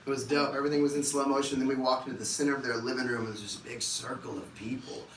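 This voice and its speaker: A man, a musician, telling a story live on stage in an animated, profane way, acting out the voices of people in it. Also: mid-range voice, fast talker. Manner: animated, profane, acts out quotes. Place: concert venue stage. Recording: echoey live room from far off, noisy.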